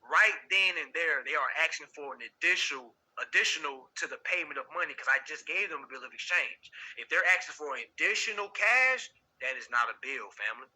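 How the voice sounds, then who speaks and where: A male instructor with a husky, strained edge in his voice and a very bright, sharp tone. He reads a legal text aloud, then breaks it down in a loose, direct way, calling his listeners family and putting questions to them. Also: on the high side, expressive, brisk, hardly any pauses, rough recording.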